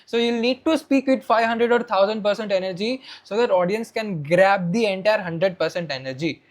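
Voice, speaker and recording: A young man with an Indian English accent, working as a presentation coach, gives a spoken tutorial on presentation skills. He switches between soft and loud delivery to demonstrate voice modulation, speaking in a high voice at normal speed.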